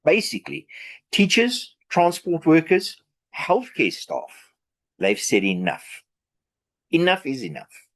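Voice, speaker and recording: A man's voice: fairly high pitch, huge pitch swings, slow, pauses often. A South African man giving a sarcastic, opinionated political rant, with many fillers and restarts. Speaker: political commentary vlogger.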